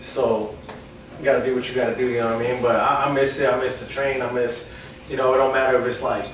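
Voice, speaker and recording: A man from Harlem talking as a guest in a casual chat, relaxed and blunt. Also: medium pitch, quick pace, slight background noise. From New York, Harlem. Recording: echoey room, mic far off.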